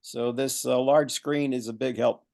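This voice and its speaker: A man's voice: medium pitch, fairly even intonation, a little slow, gravelly, darkish tone. Male student remarking to his teacher. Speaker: student joining by Zoom. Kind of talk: casual classroom remark.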